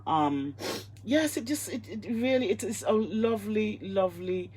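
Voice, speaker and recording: A woman's voice: mid-range voice, lively intonation, moderate pace, a little mellow, slight background noise. A woman hosting a live online interview, effusive and emotional, repeating herself as she talks. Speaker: host.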